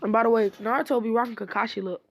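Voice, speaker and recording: A woman's voice: on the high side, racing, creaky. Rambling woman retelling a fan story. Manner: rambling, repeats "he would say". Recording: dull lo-fi recording.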